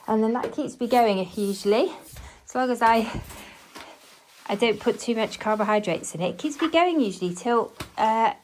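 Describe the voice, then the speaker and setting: A woman with a fairly high voice talks through her kitchen cleaning in a loose, chatty way, thinking aloud and cheering herself on. Clattering household noise and clicks stay clearly audible behind her. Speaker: cleaning vlogger. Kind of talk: casual chat while cleaning along in real time. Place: home kitchen.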